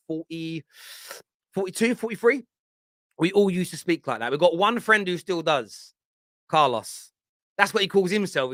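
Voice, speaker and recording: A man in his forties with a London accent, hosting a football fan show with animated, blunt banter. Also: on the high side, no echo, studio quality. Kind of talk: live chat show rant.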